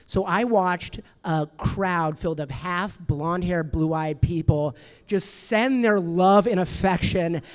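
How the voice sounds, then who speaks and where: A man's voice: high-pitched, takes it slowly. A man in his thirties doing a stand-up comedy set on a club stage, rambling and self-deprecating, with lots of restarts and fillers. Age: 30s.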